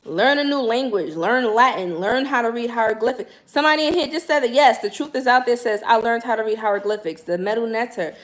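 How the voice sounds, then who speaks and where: A young woman, hosting a casual livestream and chatting in slangy, animated talk straight to her viewers. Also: on the high side, fairly quick, few pauses. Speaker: spiritual livestream host.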